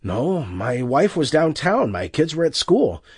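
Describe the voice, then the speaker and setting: A man doing a frantic, shrill shopkeeper. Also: very animated, measured pace, slightly rough, dry recording, clean studio sound, full character voice. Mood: pleading. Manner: frantic, shouting, high-pitched. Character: panicked middle-aged male shopkeeper. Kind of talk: audiobook character voice.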